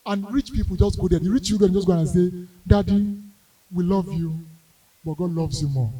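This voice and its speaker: A young Nigerian comedian with a Yoruba-flavored accent spins his stories in a high, bright voice. He acts out the characters, swinging from quiet asides to shouted wails. He sounds a little distant from the microphone. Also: normal speed, husky. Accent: Nigerian English with Yoruba. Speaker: stand-up comedian. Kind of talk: storytelling stand-up comedy.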